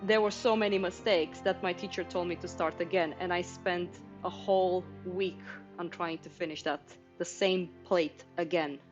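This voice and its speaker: A woman's voice: on the low side, steady tone, moderate pace. Give me a woman in her thirties casually teaching drawing to stream viewers, slightly dull sound with faint background music. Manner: chatty, explanatory, talks to viewers in chat. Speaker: art teacher streaming a painting session.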